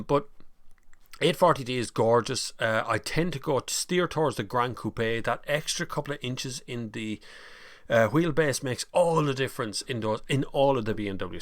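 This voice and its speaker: A man's voice: mid-range voice, fairly bright tone, no echo. A middle-aged Irish man hosting a casual live stream, rambling and greeting viewers by name. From Ireland. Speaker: livestream host.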